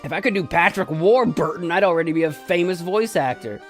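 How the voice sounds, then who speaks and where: A man's voice: a little high, a little fast, soft background music. A young man hosting a casual let's play, rambling and self-mocking as he comments on the game.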